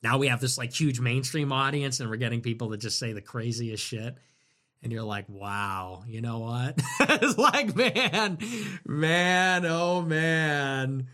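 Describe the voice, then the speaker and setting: A man hosting a livestream, talking casually and sarcastically in a rambling way that swings between loud and muttered. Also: medium pitch, lively intonation, a little slow. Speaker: livestream host. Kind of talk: casual livestream talk reading viewer messages.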